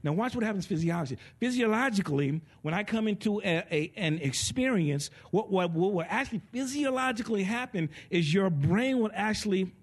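A man preaching a teaching sermon in an animated way, with sound effects and laughter. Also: sits high, brisk, hardly any pauses.

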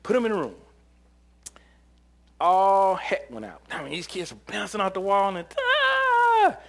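A man preaching a sermon, telling camp stories in an animated way, often laughing and acting out what people said. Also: high-pitched, normal speed, gravelly. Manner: animated storyteller, laughs often, acts out quotes. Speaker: preacher and former camp counselor.

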